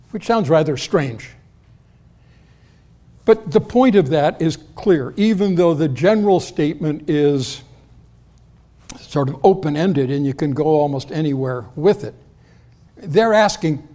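A man's voice: a little high, expressive, measured pace, warm tone. Man giving a conversational Bible sermon. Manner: conversational Bible teaching, addresses the congregation directly. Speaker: pastor.

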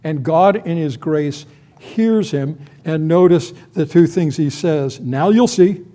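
An older man preaching an expository sermon, slow and deliberate, stressing key phrases with emphasis. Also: fairly high pitch, mellow.

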